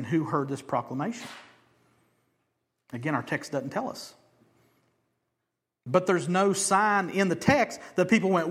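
A man preaching a sermon, shifting between hushed, slow emphasis and loud, high declarations, with casual jokey asides. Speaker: pastor.

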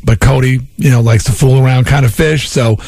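A man's voice: medium pitch, fairly even intonation, a little fast, creaky, a little mellow, no echo, clean studio sound. A middle-aged man from Long Island, a radio host telling stories in a rambling way, full of restarts. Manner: rambling storyteller with many restarts. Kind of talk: casual talk radio chat.

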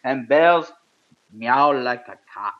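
A man's voice: mid-range voice, expressive, slow, highs cut off. A man putting on a grandiose mock-Russian man. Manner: stiff, grandiose broken English.

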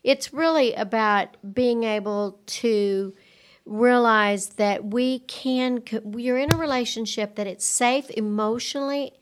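A woman's voice: fairly high pitch, slow pace. A middle-aged woman, a guest counselor chatting on a podcast and laughing often. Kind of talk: casual podcast conversation.

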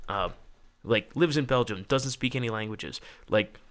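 A man's voice: fairly low pitch, normal speed, fairly bright tone. Rambling, profane male storyteller. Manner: rambling, profane, heavy use of "like". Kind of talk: casual storytelling chat.

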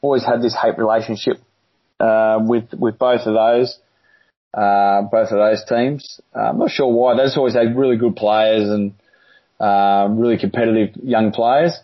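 An Australian man, a former rugby league player, telling stories in a relaxed, rambling interview with plenty of fillers. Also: on the low side, moderate pace. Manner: laid-back, rambling with many "uh" fillers. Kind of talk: casual storytelling interview. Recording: dull lo-fi audio.

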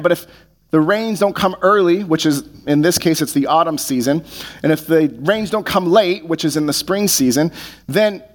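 A man preaching a sermon as pastor, earnest, often restarting his words. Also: high voice.

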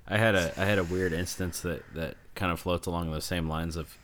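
Brief: deep-voiced male co-host, relaxed wry storytelling. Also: brisk, a little hiss or hum. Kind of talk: casual chat.

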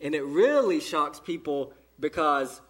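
A man with a Southern American accent preaching a sermon in church, with emphatic pauses. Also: a little high, lively intonation, fairly bright tone. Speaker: pastor. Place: church during an evening service.

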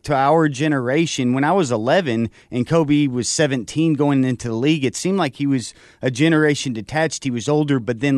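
A man's voice: medium pitch, a little mellow, no room sound, clean studio sound. A man in his thirties co-hosting a sports talk show, speaking in long, rambling sentences. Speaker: co-host.

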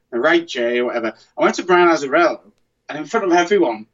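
A man's voice: a little high, expressive, fast, a bit bright, highs cut off. A man chatting casually as a podcast co-host, rambling and restarting his sentences often. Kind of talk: casual chat.

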